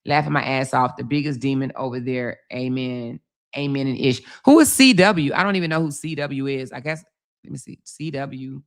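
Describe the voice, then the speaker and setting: A woman's voice: rumbling low, fairly even intonation, normal speed. A woman, hosting a casual livestream, reading comments aloud and chatting in a sassy, laughing way, calling viewers baby and y'all. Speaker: livestream host.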